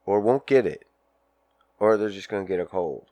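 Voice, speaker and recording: A man's voice: fairly low pitch, normal speed, mellow, dry recording. A man hosting a casual podcast, ranting in a crude, profane, rambling way and acting out little scenes while smoking a joint. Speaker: podcast host. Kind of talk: casual solo podcast rant.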